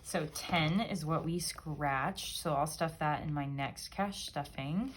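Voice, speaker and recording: A woman's voice: low voice, takes it slowly, slight background noise. A woman vlogger chatting casually and upbeat as she counts bills aloud, one by one. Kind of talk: casual chat while counting cash.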